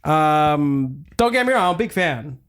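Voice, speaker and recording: A young man co-hosting a podcast, chatty and telling stories with quick laughs. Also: on the high side, sing-song, a bit bright. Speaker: podcast co-host. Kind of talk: casual chat.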